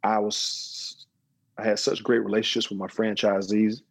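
A middle-aged man with a husky, somewhat low voice tells his story in a relaxed interview. He drops into animated quotes of other people as he goes. The recording is close and dry, with no room sound. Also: moderate pace, dry recording, low-quality recording. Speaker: interview guest, business owner. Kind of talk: casual interview talk.

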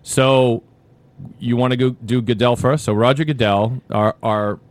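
A man's voice: mid-range voice, steady tone, measured pace. A man hosting a podcast in casual chat, joking and laughing often as he runs through questions. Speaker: podcast host.

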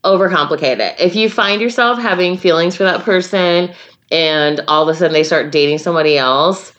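Low-voiced woman podcast co-host, teasing. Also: fairly quick, a bit bright, highs cut off. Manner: laughs often, teasing. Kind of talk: casual chat. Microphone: studio microphone.

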